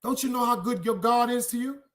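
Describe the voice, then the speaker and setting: A man hosting a podcast, preaching loudly and with a lot of swearing, and putting questions to his listeners. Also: very high voice, a little fast. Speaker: podcast host. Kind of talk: casual preaching monologue to a live chat.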